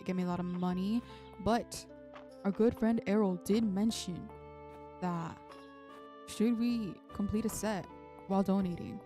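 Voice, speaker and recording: Woman streamer chatting thru a farming game, mellow voice, mutters and swears at stuff. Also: mid-range voice, steady tone, unhurried, long pauses, faint music behind. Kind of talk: casual gameplay commentary.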